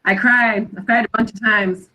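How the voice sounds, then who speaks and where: A woman's voice: fairly high pitch, steady tone, normal speed, bright, forceful tone, rough recording. A woman guest on a video call, speaking directly and emphatically. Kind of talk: casual interview talk.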